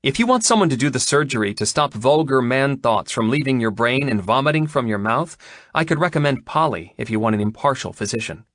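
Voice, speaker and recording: A man voicing a prim, exasperated young woman doctor in an audiobook, with a crisp, scolding manner. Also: medium pitch, expressive, moderate pace, dry recording, clean studio sound, pitched above the performer's own voice, close to an everyday voice. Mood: primly teasing. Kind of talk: audiobook character reading.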